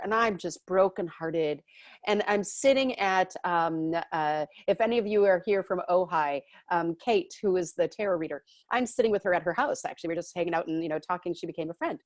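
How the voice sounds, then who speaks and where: A woman teaching a live online spiritual class, telling stories with animated acted-out voices. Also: a little high, normal speed, no room sound, studio quality. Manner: animated storytelling, acts out voices.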